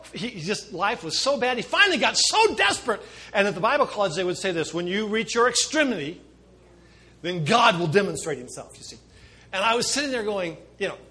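A middle-aged man preaching a sermon as pastor, impassioned, with sudden shifts between soft asides and loud emphasis. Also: high voice.

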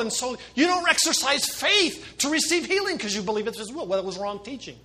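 A middle-aged man preaching a sermon as pastor, impassioned, with sudden shifts between soft asides and loud emphasis. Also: very high-pitched, animated, a little fast, few pauses.

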